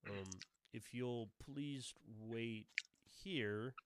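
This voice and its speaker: A man's voice: medium pitch, very slow, background noise. A man voicing a nervous male guard who apologizes and fumbles for his words in a tabletop game. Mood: apologetic.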